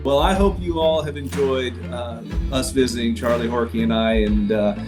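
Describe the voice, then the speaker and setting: A man's voice: mid-range voice, steady tone, moderate pace, music in the background. A man in a mid-range voice hosts a casual interview. He throws out short questions and thanks his guest in a friendly way. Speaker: podcast host.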